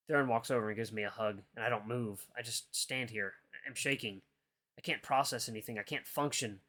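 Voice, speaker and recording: A man with a mid-range voice reads a visual novel aloud in first person for his gaming channel, speaking fairly quickly. His narration is expressive, broken up by casual asides, over faint background guitar music.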